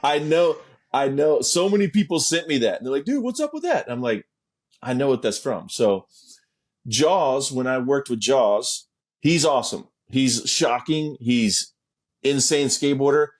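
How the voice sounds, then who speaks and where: A man's voice: medium pitch, unhurried. A middle-aged man telling stories as an interview guest, laid-back and profane, with laughing asides. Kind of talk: casual storytelling.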